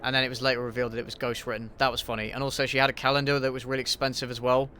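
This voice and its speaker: A man chats through a laid-back livestream Q&A while gaming, answering viewers bluntly and swearing freely. His voice is bright and forward, and he keeps stalling on ums and restarts. Soft music plays behind him. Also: medium pitch, flat delivery, very fast. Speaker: YouTube channel host answering viewer questions.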